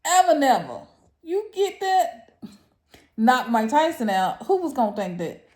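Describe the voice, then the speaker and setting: High, animated woman in an echoey room. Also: unhurried. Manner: exclamatory and incredulous, laughs often between phrases. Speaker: vlogger. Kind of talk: casual commentary to camera.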